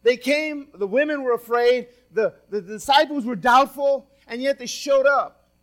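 A man preaching a sermon as pastor, reading scripture aloud with dramatic stress and swinging from loud emphatic lines to quiet asides. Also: very high voice, unhurried.

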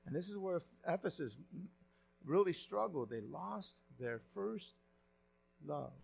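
High-voiced male pastor preaching. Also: expressive, slow pace, gravelly, a little mellow, slightly rough. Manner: conversational preaching, with frequent restarts and retelling of stories. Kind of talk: sermon.

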